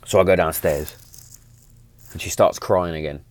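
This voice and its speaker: A man's voice: low-pitched, fairly even intonation, moderate pace, no echo. A man, telling stories in a blunt, chatty way, often repeating himself and swearing. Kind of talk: casual storytelling monologue.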